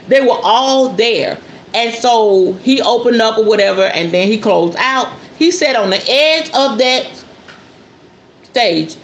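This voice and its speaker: A woman's voice: medium pitch, reverberant, slight background noise. A woman hosting a spiritual talk show in a casual monologue, blunt and preachy. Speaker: host.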